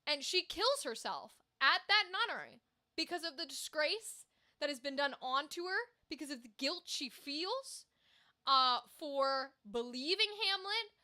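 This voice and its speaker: Woman streamer, high bright voice, casual animated rant. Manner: animated, swearing, talks to chat. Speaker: livestream host.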